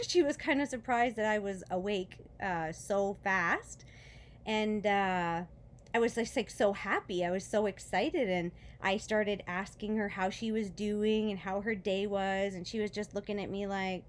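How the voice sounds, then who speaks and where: A woman telling a personal faith story in a casual vlog, emotional and close to tears, rambling with fillers and soft laughs. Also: mid-range voice, measured pace, slight background noise. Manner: emotional, near tears, laughing softly between words; rambling with many fillers and restarts. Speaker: vlogger.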